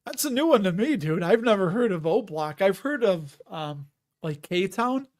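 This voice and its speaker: A man's voice: sits high, expressive, normal speed. A man with a Chicago accent hosting a casual live stream, rambling and chatty and often laughing as he reads out viewer comments.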